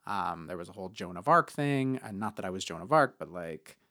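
A man's voice: animated, brisk, bright, forceful tone. A man co-hosting a podcast, telling a personal story in a chatty way with many fillers. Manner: chatty, many fillers, acts out quotes in higher voices. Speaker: podcast co-host.

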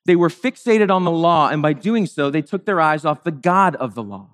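A man's voice: a little high, animated, normal speed, a bit bright. A man preaching a sermon in a conversational, wry way, sometimes acting out the people in the story in playful voices. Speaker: pastor.

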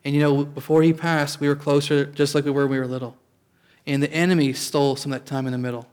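A man's voice: fairly high pitch, level tone, quick pace, darkish tone, clear, resonant tone. A man preaching a sermon as pastor, in a conversational way, often restarting and calling out for an amen.

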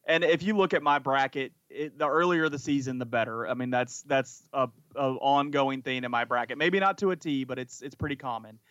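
A man's voice: mid-range voice, a little fast, hardly any pauses, a bit bright, no room sound, muffled recording. A man co-hosting a casual podcast chat, talking enthusiastically and rambling with frequent restarts. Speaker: podcast co-host.

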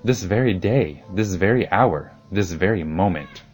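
Man playing a harsh old king, deep and bossy, loud. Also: moderate pace, soft background music. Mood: stern. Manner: stern, loud and commanding.

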